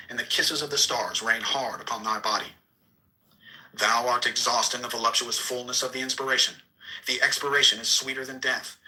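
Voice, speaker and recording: A man giving a solemn, declamatory reading of an archaic scripture, slow and measured with sudden quicker bursts. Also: mid-range voice, sharp tone, rough recording. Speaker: reader.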